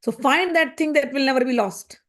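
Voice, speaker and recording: A woman's voice: high-pitched, fairly quick, a bit bright. A woman retelling a spiritual story in a conversational, explanatory way, full of rhetorical questions.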